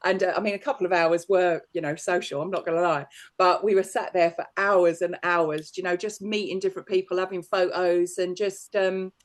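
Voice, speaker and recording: A man's voice: high-pitched, fairly even intonation, fairly quick. A man, a psychic medium, telling rambling stories in casual chat and laughing often.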